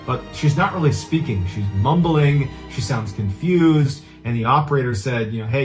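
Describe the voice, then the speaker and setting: Male true crime storyteller, mid-pitched, casual and earnest. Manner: casual, earnest retelling with loose phrasing. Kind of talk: conversational storytelling.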